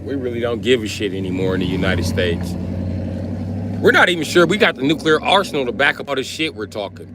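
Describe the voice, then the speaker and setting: A man's voice: mid-range voice, bright, forceful tone, a little hiss or hum. A man riffing profanely on a livestream, switching between bits as he talks. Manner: profane, riffing, jumps in and out of voices. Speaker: comedian streamer.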